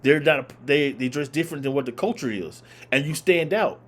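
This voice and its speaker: A man delivers heated reaction commentary. His voice sits fairly high and he drives each point home by saying it again. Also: normal speed. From Southern United States. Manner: emphatic, repeating points for force. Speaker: reaction video host. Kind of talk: opinionated commentary.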